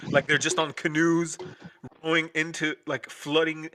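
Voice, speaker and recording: A man's voice: on the high side, flat delivery, a little slow, noisy background. A man hosting a late-night stream, ranting in a profane, sarcastic, rambling way. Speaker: stream host. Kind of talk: casual ranting chat.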